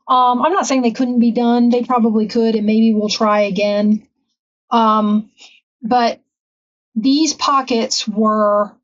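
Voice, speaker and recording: A woman's voice: a little high, distant mic, highs cut off. A woman hosting a casual craft tutorial, chatting and rambling with frequent ums in her home craft room. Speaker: craft channel host.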